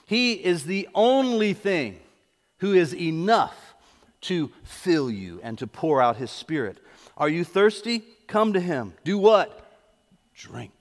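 A man's voice: high voice, very animated, slow pace. A man preaching a sermon as pastor, driving his points home with repeated questions and calls to come forward. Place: church sanctuary. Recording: echoey hall.

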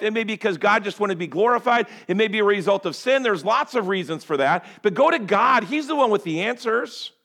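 A man delivering a sermon with a fairly high-pitched voice. He swings from forceful, raised lines down to hushed, near-whispered ones, and voices prayers as if speaking them himself. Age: adult parent. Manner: earnest, swings from loud to hushed, acts out prayers. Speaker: pastor.

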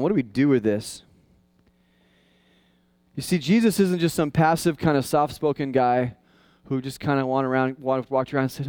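A male pastor preaching a casual, conversational sermon that swings into high, excited tones. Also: moderate pace, clear, resonant tone, no room sound.

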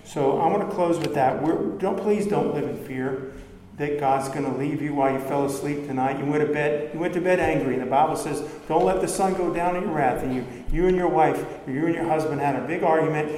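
A man's voice: fairly high pitch, fairly quick, a little mellow, slight background noise. A man preaching a sermon as pastor, earnest and conversational, building to emphatic passages. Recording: echoey hall, faint room ambience.

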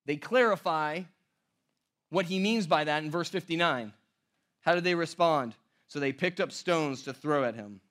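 Male pastor, high voice, emphatic sermon delivery with loud-to-hushed swings. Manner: emphatic, swings between loud stress and near-hushed lines.

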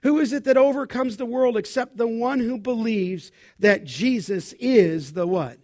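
A man's voice: extremely high pitch, measured pace, darkish tone. A middle-aged male pastor preaching an expository sermon, stressing key words and asking the congregation questions.

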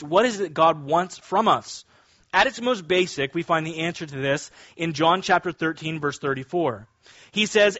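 High-voiced male preacher, dry close sound. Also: fairly bright tone, dry recording, muffled recording. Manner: storytelling, building to emphatic scripture readings. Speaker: pastor. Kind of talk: sermon.

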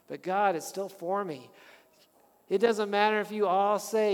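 Man, pastor, sermon, high voice, animated, long hall reverb. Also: measured pace, clear, resonant tone. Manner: animated, calls the congregation to respond.

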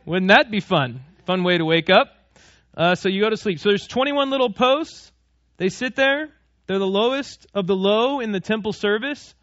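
A man with a high voice preaches a sermon in a loose, chatty way, putting questions to his listeners and cracking jokes. The sound is dry and a little dull and muffled. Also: animated, normal speed, a bit bright, no echo. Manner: conversational, asks the congregation questions and jokes. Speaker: pastor.

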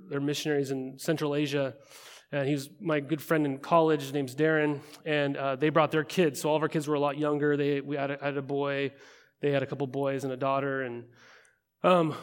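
A man preaching to a gathered room in a slightly high voice, talking as if in conversation and tossing in quick rhetorical questions. His words ring out with a long hall reverb behind them. He sounds like a pastor giving a sermon. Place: large room with an audience.

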